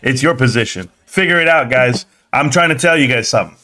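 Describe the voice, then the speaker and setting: A man's voice: mid-range voice, brisk, pushed and bright. A man hosting a live stream, ranting sarcastically about stocks and scolding his viewers. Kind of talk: ranting stock market commentary.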